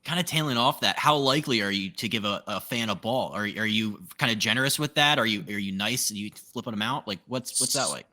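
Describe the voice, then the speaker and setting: Bright-voiced male podcast host. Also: on the low side, fast talker, few pauses. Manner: easygoing, asks rambling questions. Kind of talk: casual podcast chat.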